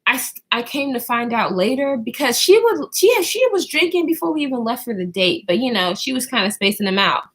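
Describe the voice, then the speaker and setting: A young woman's high, bright voice carries a long storytime vlog told straight to her camera. She talks casually and swoops all over her range. She curses freely and throws herself into playing the other people in the story. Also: a little fast, few pauses, husky. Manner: animated, profane, acts out quotes in others' voices. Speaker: vlogger.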